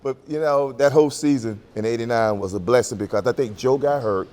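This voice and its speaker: A man's voice: mid-range voice, brisk, a little mellow. A man in his sixties telling stories in a roundtable chat, laughing and acting out dialogue. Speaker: former running back.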